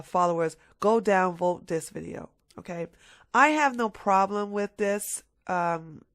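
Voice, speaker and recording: A woman's voice: lowish voice, a bit bright, dry recording, studio quality. A woman giving a ranting political commentary on her vlog, emphatic and mocking, hammering her points home by repeating them.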